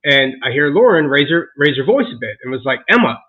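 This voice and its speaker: A man co-hosting a casual podcast about being a dad, venting in an animated way, with swearing and laughter. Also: mid-range voice, brisk, narrow, tinny audio. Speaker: podcast co-host. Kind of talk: casual chat.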